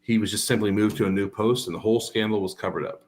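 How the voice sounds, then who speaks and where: A timid little man in a tavern stammers his way through each sentence, as a game master puts him on. The voice sits a bit low and hesitates often. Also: steady tone, fast, lightly acted. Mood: calmer storytelling.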